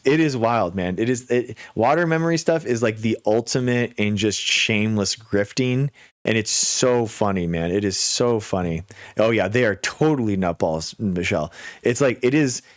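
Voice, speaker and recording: A man hosting a casual livestream, talking to viewers with quick restarts and mocking asides. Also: lowish voice, no room sound, studio quality. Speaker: livestream host.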